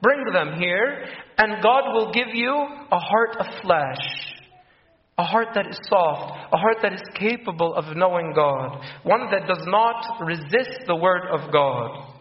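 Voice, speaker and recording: Man, high voice, earnest sermon, repeats key phrases, echoey room, muffled lo-fi sound. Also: expressive, slow pace. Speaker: preacher.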